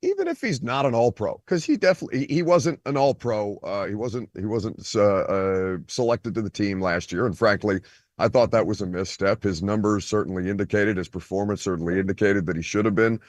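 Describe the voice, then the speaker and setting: A man's voice: fairly low pitch, lively intonation, brisk, no room sound. A man hosting a sports radio show, calling in over a video call from a beach on vacation, teasing and mock-indignant. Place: outdoors by a beach.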